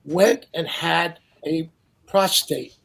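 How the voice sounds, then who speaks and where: An older man telling casual anecdotes as a guest, animated and acting out the people he quotes. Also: fairly high pitch, slow, vocal fry. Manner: animated storyteller who acts out quotes. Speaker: guest storyteller.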